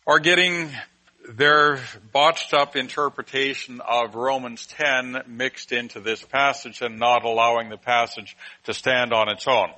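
Slow, bright-voiced male Bible teacher. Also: mid-range voice, low-quality recording. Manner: slow, deliberate explaining with frequent pauses and fillers. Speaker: preacher teaching Bible class.

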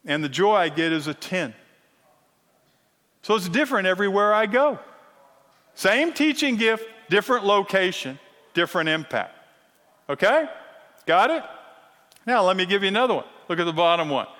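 A middle-aged man teaching a sermon-style lesson, animated and teasing, often checking in with the crowd. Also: high voice, moderate pace, long pauses. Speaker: Bible teacher. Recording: long reverb of a large hall.

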